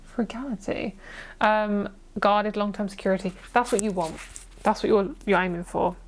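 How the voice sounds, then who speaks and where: A woman's voice: mid-range voice, little pitch movement, moderate pace, a little hiss or hum. A woman giving a casual, chatty pick-a-card tarot reading, gushing and swearing casually as she goes. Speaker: tarot reader.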